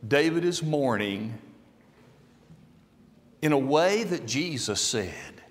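A man preaching a sermon in slow, deliberate phrases that swing from soft, low passages to loud, emphatic peaks. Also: lively intonation, long reverb tail.

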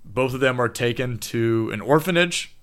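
A man with a bright, forward voice is telling a horror film's plot to his co-host. He swears freely, laughs often and jumps between details as they come to him. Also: mid-range voice, moderate pace, clear, resonant tone. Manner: animated storytelling with swearing and laughs. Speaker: podcast co-host. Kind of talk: casual chat recapping a horror film.

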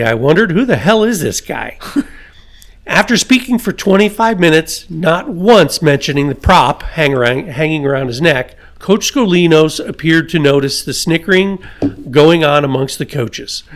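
A man hosting a podcast, reading a story aloud with his own asides and chuckles. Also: fairly high pitch. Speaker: podcast host.

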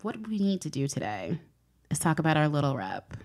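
A woman's voice: sits low, big pitch swings, brisk. A woman co-hosting a casual podcast chat, telling a life story with dry, teasing asides. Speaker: podcast co-host.

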